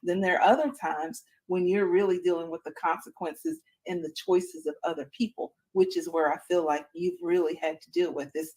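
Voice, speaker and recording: Woman host, low voice, faith-based encouragement, preachy, filler-heavy. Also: moderate pace, few pauses, darkish tone, rough recording. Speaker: podcast host.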